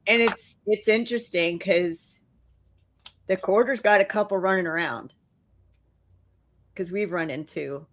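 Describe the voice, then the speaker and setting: A woman's voice: mid-range voice, a little slow, pauses often. A woman from New Orleans co-hosting a talk show, recounting stories in a matter-of-fact way. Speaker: co-host. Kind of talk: casual interview chat.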